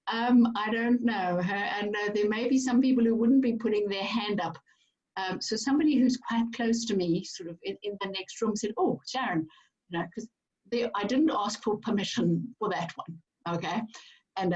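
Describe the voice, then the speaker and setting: A woman's voice: a little high, animated, normal speed, a little mellow. A woman author with a South African accent, talking thoughtfully about her book over a video call. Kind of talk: reflective conversation. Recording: distant dull video-call audio.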